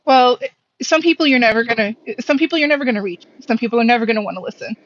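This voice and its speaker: A woman calling in to a live stream, giving earnest advice in quick bursts. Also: a little high. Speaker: caller. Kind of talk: call-in advice. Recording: dull, dry call-in line.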